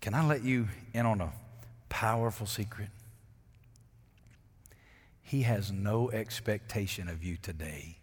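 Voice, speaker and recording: A man's voice: fairly low pitch, a little slow, long pauses, slightly rough. Preaching man in a reverberant sanctuary. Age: middle-aged. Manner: dramatic swings between loud emphatic preaching and hushed intimate asides. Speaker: pastor. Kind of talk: sermon.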